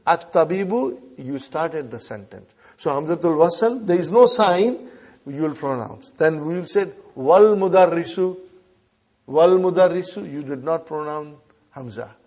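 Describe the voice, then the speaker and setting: Slow-repeating male Arabic teacher. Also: fairly high pitch, sing-song. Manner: repeats phrases slowly, prompts the class with "huh?". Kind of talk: classroom lesson.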